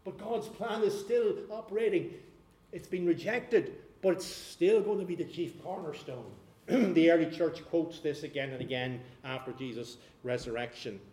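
Man, pastor, sermon, earnest, stumbles and repeats words, warm tone, roomy church echo. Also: fairly high pitch, moderate pace. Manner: earnest, repeats words when searching for phrasing.

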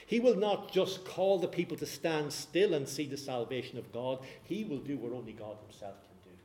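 A man preaching a sermon, telling a scripture story in an animated way. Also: medium pitch, moderate pace, roomy sound.

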